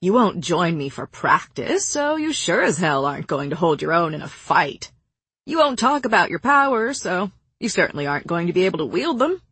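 A woman's voice: on the low side, very animated, normal speed, a bit bright, breathy edge, dry recording, exaggerated voice. A woman reading an audiobook, voicing a cocky male warrior who taunts in a casual, mocking way. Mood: taunting.

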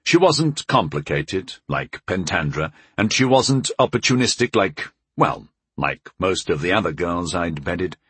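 A man with a low, husky voice reads a first-person fantasy tale in a measured, gently wry manner. The recording is dry and close, with no room sound. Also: very animated, no echo. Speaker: audiobook narrator.

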